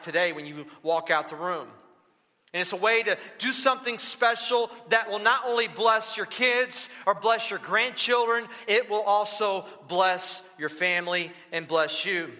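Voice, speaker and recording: A middle-aged pastor preaches in a high, very bright voice, talking with the crowd as if in conversation. His words ring out with the long reverb of a big church hall. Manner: conversational, storytelling, joking asides. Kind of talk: sermon.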